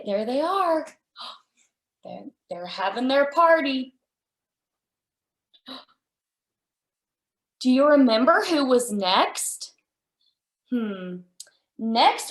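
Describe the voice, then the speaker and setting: A young story time reader speaks extremely slowly to small children, pausing often, her voice sitting high, a bit bright, and lively in intonation. She reads a picture book with wonder and plenty of gasps before showing toy animals, the room echoing around her.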